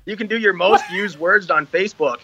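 A man's voice: high voice, fairly quick, gravelly, heavy background noise. A man who is an army veteran, a guest on a casual podcast, laughing often and talking with lots of fillers and swearing. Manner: laughing, profane, filler-heavy.

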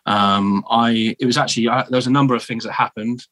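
A man in his thirties from the south of England with a southern English accent, telling stories as a guest in a casual interview, animated and full of restarts. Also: mid-range voice, brisk, no echo. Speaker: guest, former marine.

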